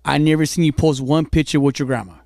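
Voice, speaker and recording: Gravelly man chatting casually. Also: fairly high pitch, steady tone, fast, a little mellow, no echo, studio quality. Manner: stammering, swearing. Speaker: podcast co-host. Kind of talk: casual profane chat.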